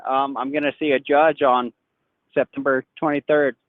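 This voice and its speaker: A man's voice: medium pitch, little pitch movement, moderate pace, no echo. A man calling in to a podcast on the phone, rambling defensively and trailing off. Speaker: caller. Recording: tinny phone line.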